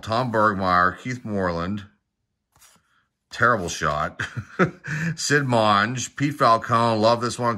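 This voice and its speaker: Calling out players one by one in a quick run, a middle-aged man opens packs of baseball cards and makes offhand remarks. His lowish voice is bright and has a forceful tone.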